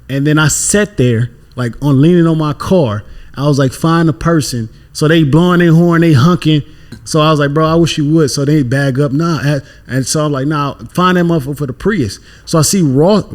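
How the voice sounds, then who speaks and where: Animated young man telling a story. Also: fairly high pitch. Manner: animated storyteller, acts out quotes, swears freely. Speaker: podcast guest. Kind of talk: casual storytelling.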